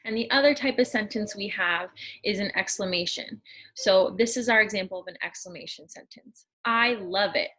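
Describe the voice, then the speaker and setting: A woman's voice: medium pitch, a bit bright, poor audio. Patient woman teaching young children. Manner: slow, patient, explaining step by step. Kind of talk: classroom lesson for young children.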